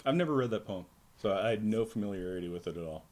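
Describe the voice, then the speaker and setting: A man's voice: on the low side, animated, fast talker, a little mellow. A man co-hosting a casual comic book podcast, wry and amused, chuckling as he talks. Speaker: podcast co-host.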